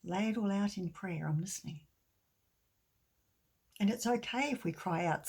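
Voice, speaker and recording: A middle-aged woman giving a gentle sermon with a children's story, often dropping to a soft near-whisper. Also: mid-range voice, normal speed, long pauses, husky. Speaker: church speaker.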